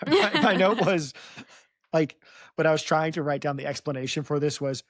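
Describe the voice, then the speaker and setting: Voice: mid-range voice, brisk, no room sound, clean studio sound. A podcast host retelling a book in casual chat, teasing the guest and laughing often.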